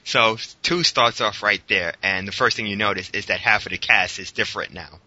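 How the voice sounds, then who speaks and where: A man with a very bright, lower-pitched voice, chatting loosely about films on a podcast. He rambles with plenty of ums and laughs as he goes. The recording is dull and lo-fi. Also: fairly quick. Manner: laughs often, rambling with fillers. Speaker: podcast co-host. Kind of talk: casual movie review chat.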